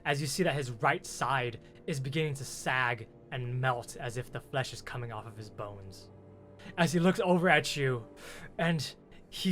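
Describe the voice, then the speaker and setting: A man running a tabletop game as game master, narrating in a halting way with many restarts. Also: mid-range voice, a bit bright.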